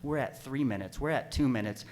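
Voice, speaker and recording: A man telling a personal story live on stage at a story slam, animated and self-deprecating, now and then bursting into panicked yelps. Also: medium pitch, brisk. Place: stage at an arts center.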